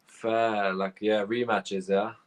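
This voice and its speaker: A man from England in a casual chat, relaxed and laid-back, often saying "bro" and "man". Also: fairly low pitch, takes it slowly.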